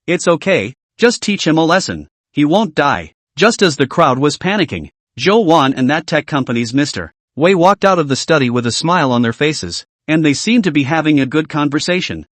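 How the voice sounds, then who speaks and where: Male recap narrator, dramatic and clipped, bit high, pitch swinging, dry close mic. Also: no echo. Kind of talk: scripted story recap narration.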